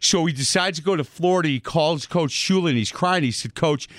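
A man's voice: fairly high pitch, brisk, fairly bright tone, no room sound, studio quality. A man hosting a radio talk show, telling stories casually with lots of fillers and restarts. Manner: rambling storyteller with many fillers and restarts.

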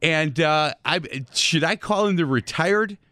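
A man's voice: a little high, unhurried, sharp tone, smooth, no room sound, clean studio sound. A man hosting a radio talk show, telling stories casually with lots of fillers and restarts. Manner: rambling storyteller with many fillers and restarts.

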